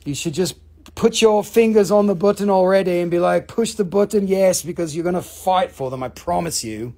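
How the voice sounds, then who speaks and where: A woman hosting a live online rock and mineral sale, talking excitably with lots of cursing and quick countdowns. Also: on the low side. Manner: excitable, profane, rapid countdowns. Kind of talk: live online sales show.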